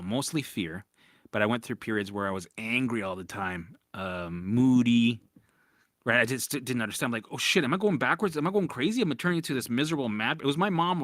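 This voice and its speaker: A man's voice: mid-range voice, no echo, clean studio sound. A man hosting a casual live-stream Q&A as a recovery coach, talking bluntly with swearing and frequent restarts. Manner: blunt, profane, animated, with lots of restarts.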